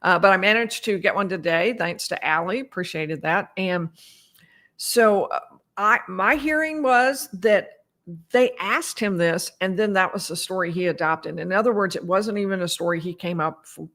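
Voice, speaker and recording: A woman lawyer giving casual commentary on a criminal trial, talking in a conversational way and quoting interrogation testimony with animated emphasis. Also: mid-range voice.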